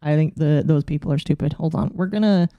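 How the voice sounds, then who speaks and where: A woman's voice: sits low, fairly quick, no room sound, muffled recording. A woman VTuber streamer chatting casually to her live audience, flustered and exasperated as she fiddles with her settings and talks to herself.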